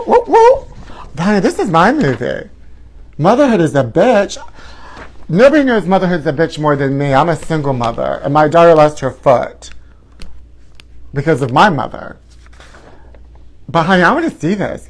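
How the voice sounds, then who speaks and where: A man in his forties hosting a live gossip talk show, flamboyant and sassy, calling his viewers honey. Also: a little high. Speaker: host.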